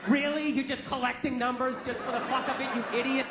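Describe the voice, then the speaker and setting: High-pitched guy doing a sweary stand-up rant, live club recording, noisy crowd and lots of echo. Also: steady tone. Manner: loud, ranting, profane, acts out clerks in quick asides. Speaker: stand-up comedian. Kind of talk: stand-up comedy set. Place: comedy club stage with a laughing audience.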